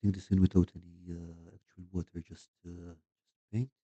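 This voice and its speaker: A man giving a casual painting tutorial, soft-spoken and often trailing off quietly mid-thought. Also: low voice, little pitch movement, normal speed, husky, no room sound, lo-fi sound. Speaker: miniature painter.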